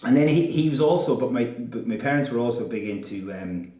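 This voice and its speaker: A man's voice: mid-range voice, expressive, a little fast, dark tone. Rambling Irish man, roomy distant sound. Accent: Irish, Sligo. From Ireland. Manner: rambling, frequent fillers and restarts, laughs easily. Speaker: guest. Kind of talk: casual interview chat.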